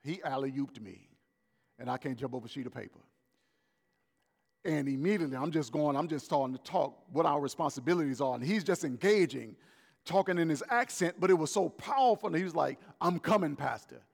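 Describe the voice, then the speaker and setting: A man preaching a sermon as pastor, swinging between loud raised lines and soft, slow emphatic words. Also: a little high, expressive, vocal fry, long reverb tail. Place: church hall.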